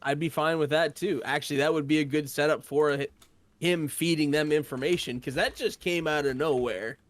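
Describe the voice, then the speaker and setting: A man co-hosting a casual movie discussion, thinking aloud in a measured, agreeable way. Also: on the high side, steady tone, no room sound. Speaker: co-host of a movie discussion show.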